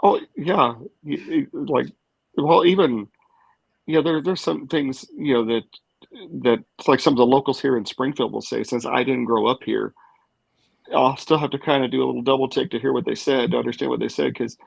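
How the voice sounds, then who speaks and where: A man's voice: medium pitch, fairly even intonation, normal speed, vocal fry, no echo, low-quality recording. A man from St. Louis co-hosting a podcast, talking easygoing and full of fillers. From St. Louis, Missouri. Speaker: podcast co-host. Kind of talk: casual podcast chat.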